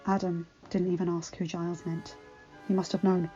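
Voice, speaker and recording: Woman narrating a story, steady and expressive, muffled lo-fi audio. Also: on the low side, normal speed, husky. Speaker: audiobook reader. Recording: dull lo-fi recording with faint music.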